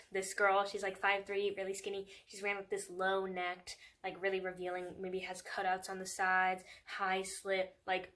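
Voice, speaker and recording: A young woman with a medium-pitched, fairly bright voice reviews a book in a relaxed, sarcastic chat. She fills her speech with "like" and laughs often.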